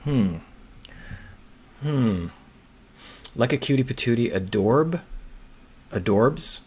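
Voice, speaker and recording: A man with a husky, fairly low voice works through a crossword slowly, thinking aloud. He mutters hesitantly and often turns his guesses into questions.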